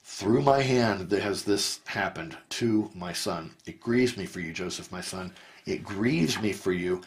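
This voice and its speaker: Man reading as grieving old father, low voice, earnest, measured. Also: slight background noise.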